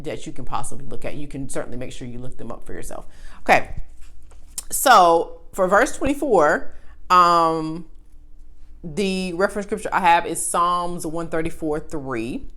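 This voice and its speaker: A woman's voice: a bass voice, fairly bright tone. A woman teaching a beginners' Bible study in a conversational way, with many fillers and restarts. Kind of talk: casual teaching video.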